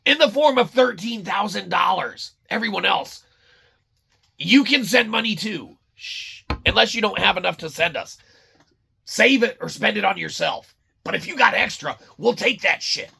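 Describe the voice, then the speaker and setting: A man's voice: sits high, expressive, moderate pace, creaky, sharp tone, slightly rough. A man hosting a snack review, rambling and sarcastic with lots of swearing and silly voices. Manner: profane, sarcastic, jumps between silly voices.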